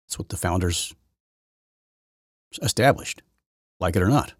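Guy ranting solo on his podcast, husky and kinda low, dead dry sound, keeps restarting sentences. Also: animated, unhurried, no echo. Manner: rambling, frequent restarts and repeated words. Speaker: podcast host. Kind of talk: opinionated solo commentary.

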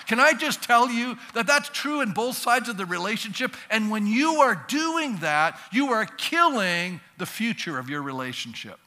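A male pastor preaching a sermon in a lively, conversational way, acting out little dialogues for the congregation. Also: sits high, moderate pace, few pauses. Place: church sanctuary. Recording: long reverb of a church hall.

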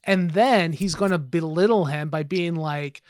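A man co-hosting a podcast in casual chat, quick to disagree and tease. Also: fairly high pitch, no room sound, clean studio sound. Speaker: podcast co-host.

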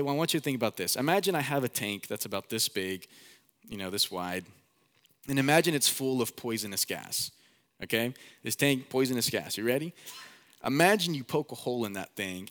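Young male pastor, casual preacher, animated delivery with acted-out voices, mid-range pitch. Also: fairly quick. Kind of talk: sermon.

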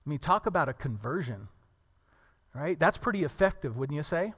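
A man preaching a sermon to a congregation, earnest and animated, telling stories and acting out the people in them. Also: on the high side, moderate pace, slightly rough, in a large hall. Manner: earnest, animated storytelling with acted quotes.

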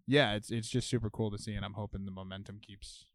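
A man's voice: lowish voice, steady tone, quick pace, no room sound, clean studio sound. Laid-back man chatting as guest. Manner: laid-back, laughs often, swears casually. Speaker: musician guest. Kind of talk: casual interview chat.

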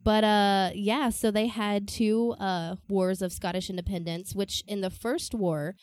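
A woman's voice: medium pitch, fairly even intonation, a little slow, darkish tone. A woman co-hosting a history podcast, telling the story casually with frequent laughs and fillers.

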